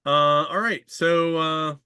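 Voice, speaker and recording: A man hosting a comics podcast in casual chat, retelling a story excitedly with lots of fillers and laughter. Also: on the high side, slow pace, clear, resonant tone, no room sound.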